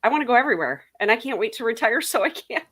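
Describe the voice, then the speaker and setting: A woman's voice: fairly high pitch, animated, racing, fairly bright tone, breathy edge. A woman in a casual panel chat who talks in a chatty way, laughs easily and uses many fillers.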